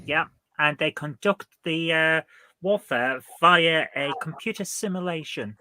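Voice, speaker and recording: A man's voice: on the high side, measured pace, pushed and bright, dry recording. A man on a quiz panel, rambling and cracking jokes between guesses. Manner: jokey, rambling with fillers. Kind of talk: casual quiz chat.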